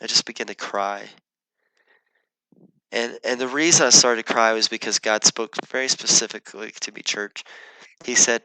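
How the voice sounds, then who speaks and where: A man's voice: mid-range voice, normal speed, long pauses, bright, forceful tone, no room sound, rough recording. A man, a pastor, earnestly telling a personal story in his sermon, often restarting his sentences.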